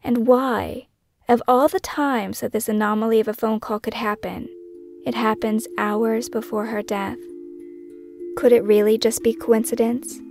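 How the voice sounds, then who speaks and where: Gravelly woman narrating true crime. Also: a little high, steady tone, over music. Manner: measured, questioning, somber. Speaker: podcast host and narrator.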